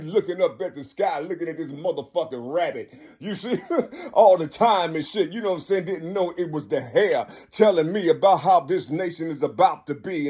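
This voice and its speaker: A husky man in his fifties with a fairly high voice, rambling through a spiritual monologue. He talks in loops, full of profanity and repeated asides, and climbs into sudden shouts before dropping low again. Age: 50s.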